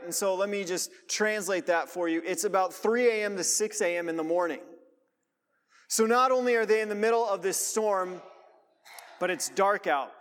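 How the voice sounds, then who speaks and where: High-voiced male preacher in a reverberant hall. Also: fairly bright tone. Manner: reads scripture aloud, then explains it conversationally. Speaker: pastor. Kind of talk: sermon. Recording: long reverb of a large hall.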